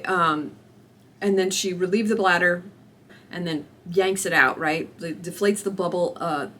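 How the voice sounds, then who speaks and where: A young woman vlogging, telling a personal story to camera in an animated, expressive way, acting out what people said. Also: fairly low pitch, slight background noise. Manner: animated, expressive retelling with acted-out quotes and laughter.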